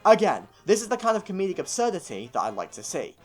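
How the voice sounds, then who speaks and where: A man's voice: sits high, huge pitch swings, fast talker, faint music behind. A man from England with an English accent narrating a scripted video review of a cartoon series, opinionated and given to sarcastic little rants. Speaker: film and TV reviewer.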